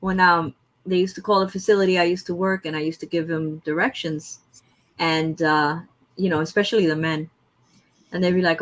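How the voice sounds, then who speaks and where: A woman chatting casually, telling an animated story and mimicking her phone voice. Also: lowish voice, moderate pace. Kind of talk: casual chat.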